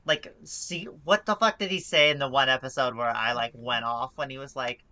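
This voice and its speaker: A man's voice: medium pitch, normal speed, sharp tone. A man co-hosting a podcast, rambling in casual chat with lots of "like", restarts and swearing. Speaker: podcast co-host.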